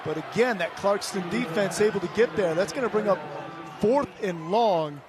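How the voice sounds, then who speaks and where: A man calling a high school football game play by play, rising to excited calls on big plays. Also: normal speed. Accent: Michigan. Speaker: play-by-play announcer. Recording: broadcast booth over loud stadium crowd.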